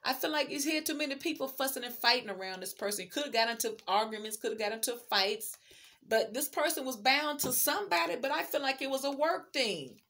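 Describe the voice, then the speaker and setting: Chatty higher-voiced woman reading tarot. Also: animated, a little fast, pushed and bright. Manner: chatty, emphatic, speaks straight to viewer. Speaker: tarot card reader.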